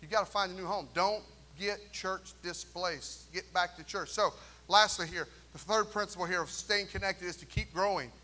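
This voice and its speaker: High, bright-voiced preaching pastor. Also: male voice, moderate pace. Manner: animated preaching with jokes and call-and-response asides. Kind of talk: sermon. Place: church sanctuary.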